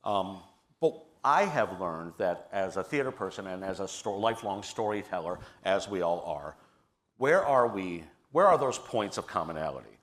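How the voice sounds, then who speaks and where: A middle-aged man speaking on a panel in an earnest, personal storytelling manner, with a low voice. He often restarts his phrases as he talks. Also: fairly bright tone. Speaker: panelist, theater leader. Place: stage at a public forum.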